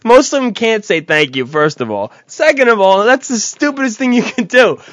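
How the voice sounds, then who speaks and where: A man argues in a casual podcast, swearing often and mocking his partner. His voice sits a little high. The recording is dry and somewhat dull. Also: big pitch swings, moderate pace, fairly bright tone, dry recording. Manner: profane, heated, mocking. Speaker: podcast co-host. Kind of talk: casual argumentative chat.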